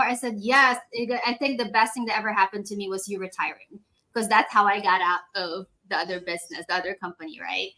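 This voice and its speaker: Woman, 40s, podcast guest, casual storytelling, animated, laughs a lot, bright tense tone. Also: medium pitch, moderate pace. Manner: animated, laughs often, acts out quoted dialogue. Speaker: medical device sales rep, podcast guest.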